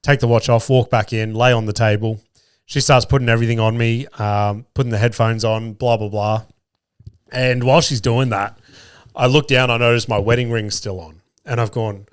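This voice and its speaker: A man's voice: medium pitch, steady tone, a little fast, no echo, studio quality. A man, hosting a podcast and telling rambling, sweary, self-deprecating stories. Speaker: podcast host. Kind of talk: casual storytelling chat.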